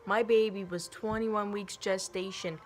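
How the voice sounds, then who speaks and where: A young woman vlogging casually at home, telling a story with a sassy, profane, animated manner. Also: medium pitch, unhurried, slight background noise. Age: young adult.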